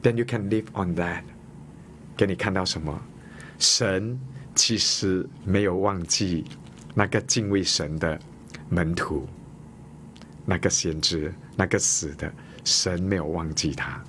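A man's voice: sits low, fairly even intonation, unhurried, fairly bright tone, slight background noise. A man, preaching a sermon as a pastor, repeating each point and stressing key words.

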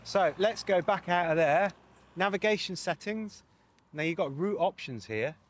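A man's voice: high voice, lively intonation, normal speed. A man presenting a casual walkthrough of a motorcycle sat nav, chatty with wry asides.

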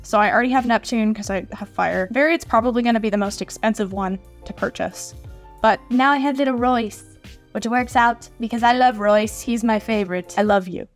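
A woman's voice: fairly high pitch, fairly quick. Gushing young woman in a casual vlog. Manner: gushing, playful and chatty. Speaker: model horse collector vlogger. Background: faint background music.

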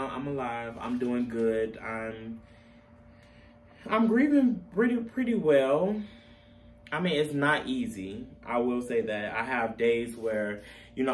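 A young man talking casually to camera as a vlogger, candid and chatty, laughing at himself. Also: mid-range voice. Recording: distant camera mic, faint room noise.

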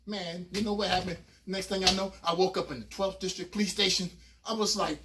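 A man telling a comic story on stage, animated and loud with sudden squeals, from a distant mic. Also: sits high, fairly quick. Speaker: comedian. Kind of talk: stand-up comedy storytelling.

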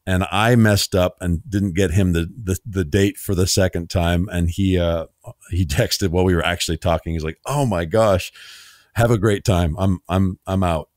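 A man with a deep, low voice hosts a relaxed podcast chat and tells his stories with energy, slipping into the voices of the people he quotes. The sound is dry and close, with no room around it. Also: moderate pace, no echo. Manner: animated storyteller, acts out quoted dialogue, laughs easily. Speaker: podcast host. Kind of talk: conversational interview storytelling.

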